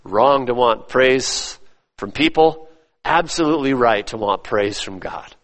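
A man preaching a sermon, emphatic, repeating his phrases and swinging between loud stresses and hushed drops. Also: medium pitch, expressive, unhurried. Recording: long reverb of a church hall.

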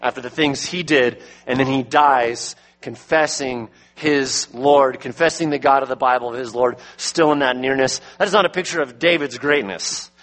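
A man's voice: medium pitch, normal speed, hardly any pauses, fairly bright tone. A man preaching a sermon as pastor, emphatic, his voice rising when he presses a point home.

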